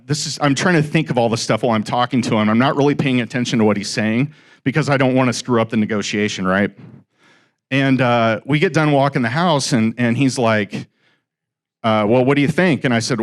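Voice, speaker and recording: A middle-aged man telling a story to a live audience about his first real estate deal, acting out the dialogue as he goes. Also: medium pitch. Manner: animated, acts out quoted dialogue.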